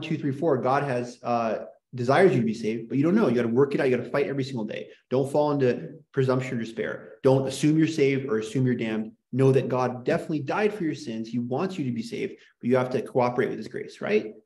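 A man's voice: mid-range voice, quick pace, few pauses, a little mellow. A man lecturing a small class in an impassioned, worked-up rant. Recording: echoey room.

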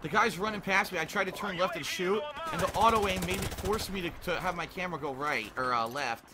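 A man with a high, brisk voice rants and swears in frustration while narrating his own gameplay. As a gaming commentator, he talks over a noisy background of game gunfire and explosions, with faint shots audible behind him.

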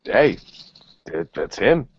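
A man's voice: fairly low pitch, big pitch swings, takes it slowly, slightly rough, no echo. A man hosting a podcast in casual, rambling chat. He swears freely and restarts his sentences. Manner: rambling and profane, with repeated restarts. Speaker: podcast host. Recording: dull lo-fi podcast audio.

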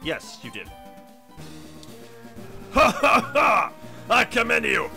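A man putting on a brash shouting villain boss. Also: very high voice, wildly swooping pitch, takes it slowly, vocal fry, soft background music, voice pushed up, full character voice. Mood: boastful. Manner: loud, theatrical, often shouting. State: strained throat. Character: brash, hot-headed male villain gang leader.

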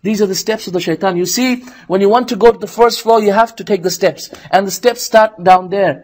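Male preacher, Islamic lecture, lively storytelling, acts out voices, keeps asking the crowd to agree. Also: sits high, fairly quick. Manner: animated storytelling, acts out the devil's coaxing in a raised voice; asks the audience for agreement.

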